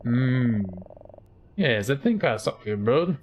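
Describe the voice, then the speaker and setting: A man voicing a male gas station clerk in a game, speaking in a measured way and warning about danger. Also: medium pitch, lively intonation, darkish tone, slight background noise. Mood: cautious. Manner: measured, cautionary.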